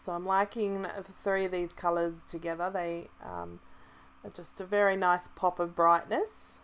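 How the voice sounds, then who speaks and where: Australian woman, slightly lower register, easygoing tutorial presenter who chats and self-corrects as she goes. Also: a little slow. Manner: chatty, relaxed, thinking aloud with restarts. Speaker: craft kit club presenter. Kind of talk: casual craft tutorial voice-over.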